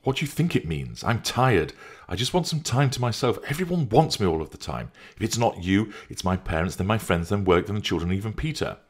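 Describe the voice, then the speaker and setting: A man's voice: fairly low pitch, animated, brisk, husky, pitched above the performer's own voice. A man voicing an irritated, overwhelmed young mother who pushes her lover away, in an audiobook reading. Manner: curt, exasperated, impatient.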